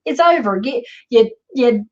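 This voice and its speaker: Woman vlogger, sarcastic and rambling, swears a lot, a bit higher voice, slightly muffled recording. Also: lively intonation, unhurried. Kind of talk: casual storytelling vlog.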